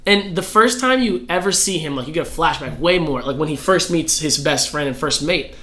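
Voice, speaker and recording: Bright-voiced excited young-sounding man. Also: a little high, a little fast. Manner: excited storytelling, peppered with "like" and swearing. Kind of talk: casual podcast chat.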